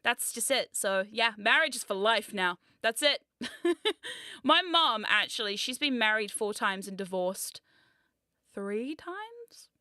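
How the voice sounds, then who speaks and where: A thirty-something woman rambles through a casual livestream chat. Her fairly high voice is bright and dry close to the mic, and she swears freely and teases herself between bursts of laughter. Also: very animated, slow pace, no room sound. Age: 30s. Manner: rambling, swearing, self-mocking, frequent laughs. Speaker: VTuber streamer.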